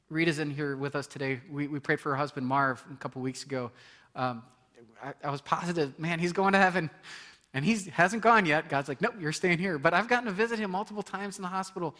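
A middle-aged man preaching a sermon as pastor, in a conversational way, often laughing and swinging between loud emphasis and soft, quiet passages. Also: a little high, a little fast.

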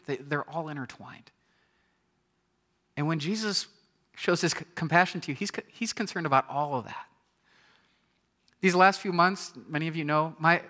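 A man in his thirties preaching a sermon in a conversational, animated storytelling way, often repeating his words. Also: on the high side.

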